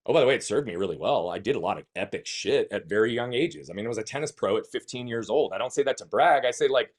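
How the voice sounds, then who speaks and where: A man's voice: mid-range voice, expressive, fast, few pauses. Emphatic man telling his story. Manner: emphatic, swears, rhetorical questions. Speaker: guest. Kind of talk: conversational storytelling.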